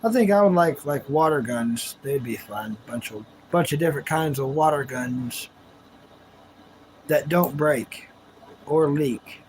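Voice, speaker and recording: Laid-back high-voiced streamer guy. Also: measured pace, a little hiss or hum, rough recording. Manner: laid-back, chatty, laughs often, drawls greetings. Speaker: livestream host. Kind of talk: casual chat with live viewers.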